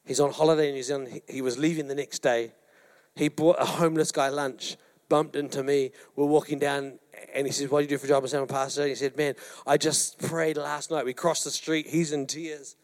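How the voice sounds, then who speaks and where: A male pastor preaching a sermon, telling a personal story with lively acted-out quotes to his congregation. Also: fairly high pitch, a little fast. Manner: animated storyteller, acts out quotes, addresses congregation. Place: church hall.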